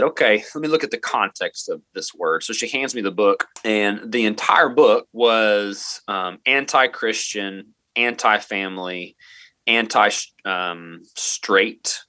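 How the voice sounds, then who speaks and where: In a podcast interview, a middle school math teacher tells a story in a bright, earnest voice that sits on the low side. He speaks haltingly, with lots of restarts and fillers, and the recording is dry.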